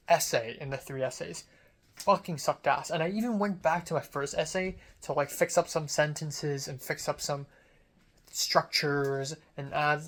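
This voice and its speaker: A young adult student vlogger in a casual venting monologue, rambling, self-critical and swearing freely. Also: medium pitch.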